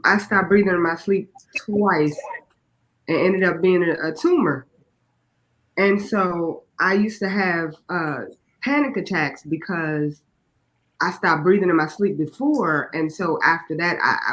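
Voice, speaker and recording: A woman hosting a casual chat among old friends, speaking earnestly and slowly about personal memories, then moving on lightly. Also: lowish voice, a bit bright, rough recording. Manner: earnest, drawn-out, then breezy.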